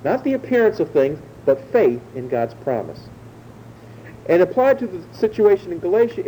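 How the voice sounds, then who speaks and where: Male pastor, dark mellow tone, measured verse-by-verse sermon delivery, slight rumble behind. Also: poor audio. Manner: measured teaching, slowing to stress key words.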